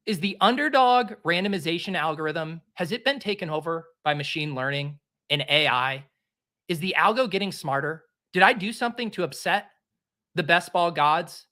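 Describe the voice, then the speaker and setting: A young man talks casually on his own show, his voice bright and pushed forward with a slightly higher pitch than most men. He swings into theatrical, exasperated self-mockery, playing up his own despair for laughs. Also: expressive, fairly quick. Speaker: fantasy football host. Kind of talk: casual solo commentary while drafting.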